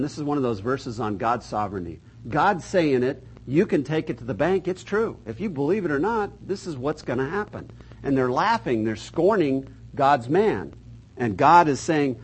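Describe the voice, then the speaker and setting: An older man leads a Bible class in a relaxed, joking manner. He reads scripture aloud with weight and emphasis. His voice is husky, at an ordinary middle pitch. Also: low-quality recording. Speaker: Bible teacher. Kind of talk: casual Bible class teaching.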